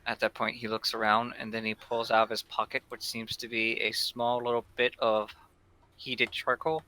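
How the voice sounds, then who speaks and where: A man's voice: medium pitch, flat delivery, normal speed, pushed and bright, rough recording. A man narrating a tabletop game as game master in a casual, loose way.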